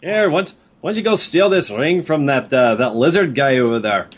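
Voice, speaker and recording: A man's voice: mid-range voice, brisk, breathy edge, close to an everyday voice. A man voicing a cheerful Scottish male thief recruiter with a put-on Scottish accent, talking in a breezy, coaxing way.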